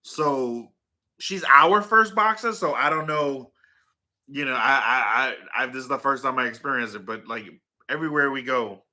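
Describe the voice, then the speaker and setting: A man's voice: mid-range voice, normal speed, bright, forceful tone. A man hosting a casual livestream, rambling with lots of fillers and turning aside to talk to his dog and his viewers. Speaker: livestream host.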